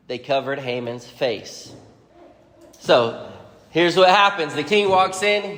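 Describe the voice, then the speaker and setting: Retelling a Bible story in a casual way, a man teaches the lesson and voices the characters' lines with plenty of energy. His voice runs on the high side, and the sound has a long reverb tail.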